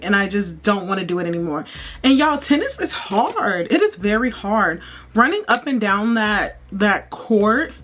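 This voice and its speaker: A woman's voice: mid-range voice, fairly bright tone. Chatty young woman vlogger telling stories. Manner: chatty, repeats herself, addresses viewers as y'all. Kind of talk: casual storytelling while doing makeup.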